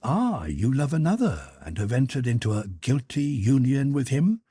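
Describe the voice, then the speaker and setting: A man's voice: mid-range voice, sing-song, moderate pace, warm tone, husky, dry recording, studio quality, pitched above the performer's own voice. A man reading the mocked words of a cold, formal official husband, stern and precise. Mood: stern mocking.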